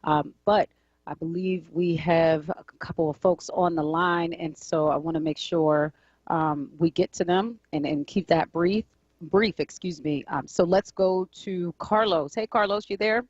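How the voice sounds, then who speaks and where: A woman hosting a call-in radio show, talking casually and quickly with fillers and self-corrections. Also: fairly low pitch, steady tone, a little mellow, no echo, lo-fi sound. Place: radio studio.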